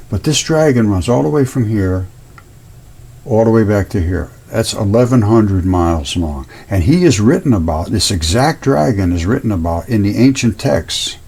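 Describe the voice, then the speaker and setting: A man's voice: on the low side, gravelly, darkish tone, slightly rough. A man hosting his own channel, talking casually and earnestly over images, rambling and repeating himself. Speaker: host.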